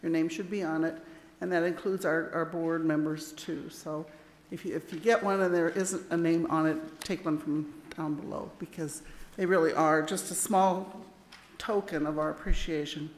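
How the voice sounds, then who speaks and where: A woman's voice: low voice, fairly even intonation, moderate pace. A woman thanking camp volunteers at a church meeting, chatty and plainspoken. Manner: chatty, self-deprecating, plainspoken. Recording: echoey hall with long reverb.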